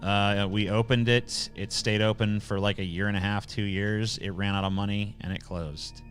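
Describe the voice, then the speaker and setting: A man's voice: lowish voice, fairly even intonation, moderate pace, soft background music. A man hosting a casual livestream, reading chat questions aloud and answering in a blunt, sarcastic, profane way.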